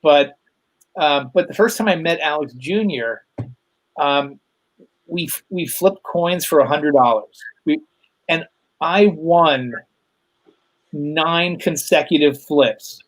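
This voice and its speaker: Middle-aged male guest, fairly high voice; rambling anecdote teller on a video call. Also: slow pace, long pauses, poor audio. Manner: rambling anecdotes with fillers and laughs. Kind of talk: casual storytelling chat.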